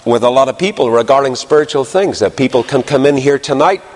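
A man's voice: mid-range voice, expressive, fast talker, a little mellow. A man with a Northern Irish accent preaching a sermon to a live audience, telling anecdotes and asking rhetorical questions. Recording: long hall reverb.

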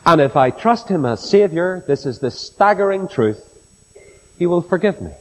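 A middle-aged man preaching a sermon, telling stories slowly and earnestly and building to solemn emphasis. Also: a little high, animated. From Ireland. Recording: long reverb of a large hall.

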